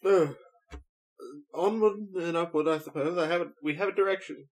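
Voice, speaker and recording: A man playing a tabletop game, playful and quick to laugh and swear. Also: fairly high pitch, poor audio. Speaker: player.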